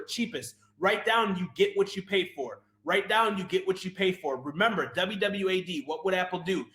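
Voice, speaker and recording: Hyped high-voiced man pitching a webinar. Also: a bit bright, echoey room. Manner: fast, hyped, repeats "right?" and "you guys". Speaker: webinar presenter.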